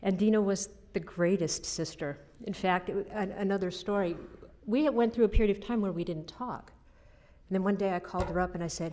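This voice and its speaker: A woman's voice: mid-range voice, brisk. Middle-aged woman telling family stories. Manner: anecdotal storytelling with soft laughs. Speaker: eulogist, sister of the deceased. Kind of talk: funeral eulogy.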